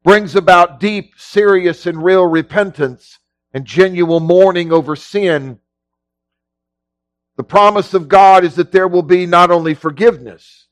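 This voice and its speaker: A middle-aged male pastor preaching a sermon in a folksy way, moving between low, quiet teaching and loud shouting. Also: no room sound. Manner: folksy, drops into casual grammar.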